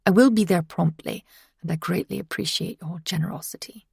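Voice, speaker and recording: A woman's voice: lowish voice, gravelly, a little mellow, breathy edge, no room sound, studio quality, heavily acted. A woman voicing a courteous, formal husband on the phone who speaks with a slight British accent. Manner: formal, measured, polite.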